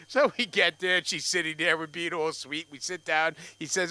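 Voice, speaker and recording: A man's voice: on the high side, lively intonation, normal speed, bright, forceful tone. An older man doing open mic stand-up, telling a rambling story with restarts and asides to the crowd. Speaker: stand-up comic. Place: comedy club stage.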